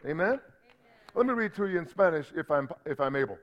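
A man's voice: fairly high pitch, expressive, rapid-fire. A man pastor preaching a sermon, asking the congregation for responses as he explains scripture. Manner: preaching with call-and-response asides. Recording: dull lo-fi sermon audio.

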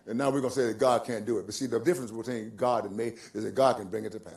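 An older male pastor preaching a sermon, moving from soft, musing asides to loud, drawn-out emphasis, repeating phrases and chuckling as he goes. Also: medium pitch, steady tone. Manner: swings from quiet musing to loud, stretched-out emphasis.

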